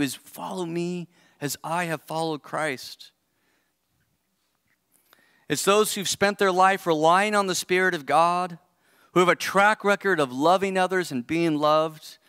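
A man's voice: on the high side, fairly bright tone, no echo, clean studio sound. A man in his forties preaching a sermon as pastor, earnest and conversational, thinking aloud as he goes. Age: 40s. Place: church service.

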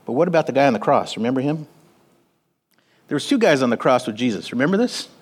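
Animated man preaching a sermon. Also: mid-range voice, fast talker, slightly rough. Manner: animated, swings from quiet to loud, calls on the congregation. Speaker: pastor. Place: church sanctuary.

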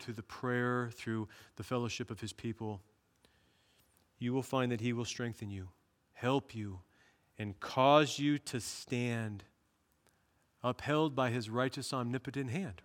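Earnest male pastor preaching in a hall. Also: medium pitch. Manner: earnest, rising to emphatic bursts. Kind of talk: sermon.

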